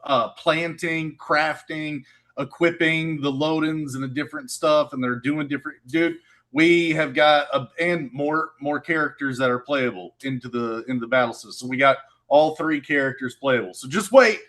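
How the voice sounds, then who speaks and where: Game dev guy, kinda high voice, eager and thankful, quick to explain stuff. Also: fairly bright tone. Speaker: game developer guest. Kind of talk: casual chat.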